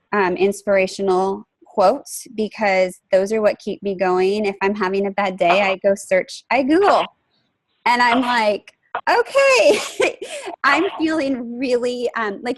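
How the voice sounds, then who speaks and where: A woman leads her team's group call with a chatty, encouraging voice full of fillers and quick restarts. Her pitch sits in the middle for a woman. The sound is dry and close. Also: no room sound. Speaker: team coach leading a group call. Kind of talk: casual conference call.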